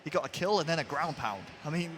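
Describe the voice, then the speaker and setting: A man's voice: fairly high pitch, animated, quick pace, noisy background. A man working as an esports analyst, giving talkative, thorough breakdowns of the match at an analysis desk.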